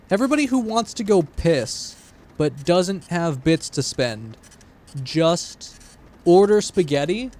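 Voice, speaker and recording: A man streaming a game, talking in an excitable, rambling and jokey way to his chat. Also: a little high. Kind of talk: gaming livestream chat.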